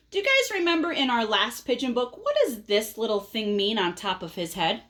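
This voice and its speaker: A woman reading a picture book aloud to children, pausing to ask them questions in a gentle, teacherly way. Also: medium pitch, big pitch swings.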